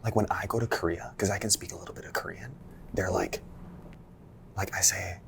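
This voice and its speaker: A man's voice: sits low, fairly even intonation, fairly quick, vocal fry, a bit bright, a little hiss or hum. A man from Canada hosting a casual interview, playful and teasing as he quizzes his guest. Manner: playful, teasing, quiz-style questions. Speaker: host.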